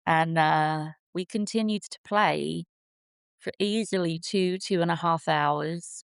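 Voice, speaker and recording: A woman's voice: lowish voice, unhurried, smooth, no room sound. A woman in her forties, originally from England, telling the story of how her sanctuary began in an earnest, vivid way. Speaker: sanctuary founder, guest. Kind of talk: storytelling in an interview.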